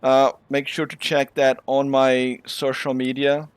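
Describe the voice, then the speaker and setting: A man from Brazil, hosting and calling a sim race with excitable, exclamatory play-by-play. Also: medium pitch, unhurried, smooth, no echo. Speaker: race commentator and host. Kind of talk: live sim racing commentary.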